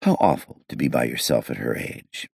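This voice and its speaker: Deep, gravelly male narrator. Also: sing-song, moderate pace, a little mellow, no room sound, clean studio sound. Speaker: audiobook narrator. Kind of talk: scripted narration.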